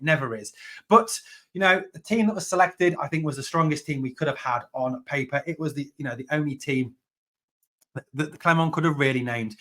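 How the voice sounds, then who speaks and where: A man's voice: medium pitch, sharp tone. A man hosting a fan channel, giving a passionate solo reaction to a football match, repeating points for emphasis.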